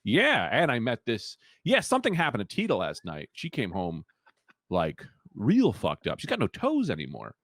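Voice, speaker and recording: A man co-hosting a comedy podcast, telling a rambling, deadpan story with quoted voices. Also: medium pitch, normal speed, no echo, studio quality. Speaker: podcast co-host.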